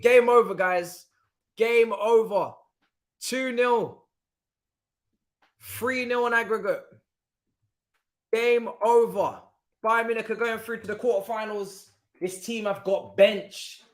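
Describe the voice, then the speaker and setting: A man hosts a live watchalong, chatting in casual slang and reacting as the game unfolds. His voice sits a little high, and the room around him has a noticeable echo. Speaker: streamer host. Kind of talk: casual live match commentary. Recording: echoey room.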